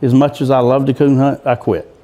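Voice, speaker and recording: A man's voice: medium pitch, level tone, fairly quick, warm tone. A man telling a rambling, folksy story as a guest in a casual interview, with frequent restarts. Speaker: guest, coon hunter.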